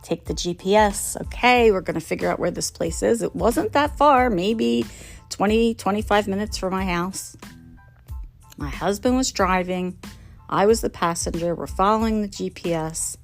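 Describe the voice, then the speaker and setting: This is casual comedic storytelling from a middle-aged woman with a mid-range voice and vocal fry, speaking at normal speed against faint music. As host, she pokes fun at her own errors, laughs a lot, and imitates the characters she quotes.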